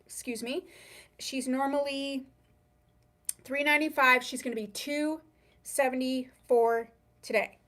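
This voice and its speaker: Slow, chatty woman selling wigs live. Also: high-pitched, steady tone, a bit bright. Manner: chatty, unhurried, drawn-out pauses. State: hiccuping. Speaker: online wig shop host. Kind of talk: live sale product presentation.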